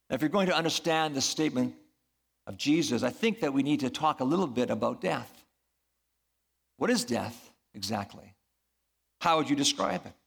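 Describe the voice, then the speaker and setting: A man's voice: medium pitch, lively intonation, normal speed, gravelly, long pauses, fairly bright tone, slightly rough. A man preaching a sermon as a pastor, earnest and building to emphatic peaks.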